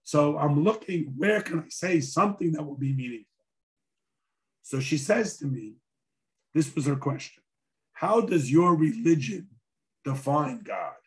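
A man who is a rabbi gives a conversational lecture, telling a story with dry humor in a hoarse voice. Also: fairly high pitch, animated, measured pace, pauses often. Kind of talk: sermon-style lecture with storytelling.

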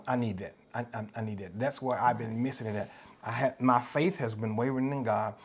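A man's voice: medium pitch, darkish tone. A man with a Southern US accent preaching a sermon, emphatic and repetitive, acting out the voices of the people he quotes. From United States. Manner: passionate, emphatic, repeats phrases, acts out quoted voices. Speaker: pastor.

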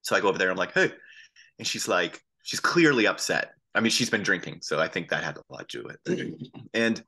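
A man guest in a casual interview, telling animated anecdotes and acting out the voices of people he quotes. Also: low voice, quick pace, husky. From Boston area. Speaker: band frontman as guest.

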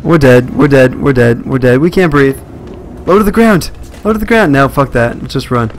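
A man's voice: mid-range voice, animated, normal speed, slight background noise. A young man commentating a live horror game stream, jumpy and swearing at scares. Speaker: let's play streamer.

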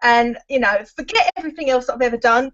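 A woman gushing with excitement about a new business in a casual online hangout. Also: a little high, fast talker. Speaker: guest marketer. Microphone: video call. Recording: dull lo-fi web call audio.

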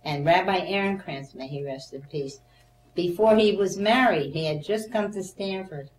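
An older woman being interviewed for an oral history, telling her memories as a lively storyteller who acts out the voices of the people in them and laughs often. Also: fairly low pitch, normal speed. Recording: echoey room, voice a bit off-mic, faint hum.

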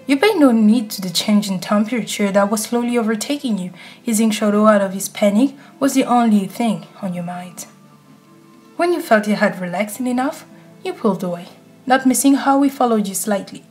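A woman telling an intimate story straight to the listener, in a hushed, close voice, as whispered role-play. Her pitch sits in an ordinary middle register. Faint music plays softly behind her. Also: moderate pace, breathy edge. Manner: hushed, intimate second-person narration. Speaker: ASMR narrator.

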